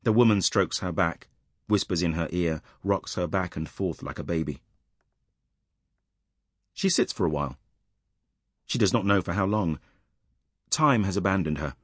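A man narrating an audiobook in a measured, tense storytelling manner, recorded close in a dry studio. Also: low-pitched, no echo.

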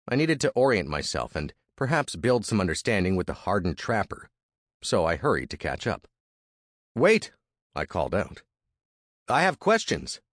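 A man's voice: deep voice, sing-song, brisk, no echo, studio quality. A man reading a first-person historical story as narrator, with dramatic, vivid storytelling.

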